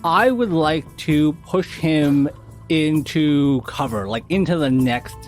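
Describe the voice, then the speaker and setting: A man's voice: fairly high pitch, takes it slowly, faint music behind. A man playing a tabletop role-playing game, playful and laughing often. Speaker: player. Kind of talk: casual tabletop play.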